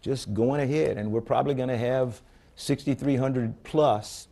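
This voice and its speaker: A man's voice: mid-range voice, moderate pace, vocal fry, dark tone. An older man answering audience questions at a public forum, candid and blunt, telling stories with frequent restarts. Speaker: space agency head speaking at a public forum. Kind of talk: conversational Q&A answers. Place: conference room before an audience.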